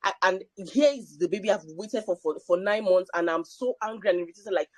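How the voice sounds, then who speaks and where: A woman's voice: mid-range voice, a little fast, no room sound. A woman sharing a personal story at a panel, emphatic and repeating phrases for effect. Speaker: panel speaker.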